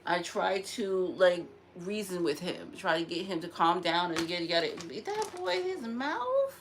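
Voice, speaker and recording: A woman chatting casually to her audience, venting in an animated way, with laughter and sudden high exclamations. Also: a little slow, slight background noise. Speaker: vlogger. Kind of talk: casual chat to camera.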